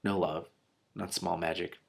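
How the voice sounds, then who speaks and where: A kindly older cook and fairy godmother speaks gently and lovingly, as a man reads her lines from a storybook. The voice is somewhat low and unhurried. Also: flat delivery, gravelly. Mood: tender. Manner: gentle and affectionate.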